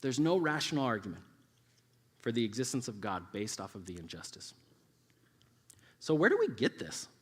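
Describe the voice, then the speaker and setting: Man, 30s, youth pastor, chatty animated sermon, mid pitch, live hall reverb. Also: moderate pace, pauses often, slightly rough. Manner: animated, conversational, acts out quoted voices.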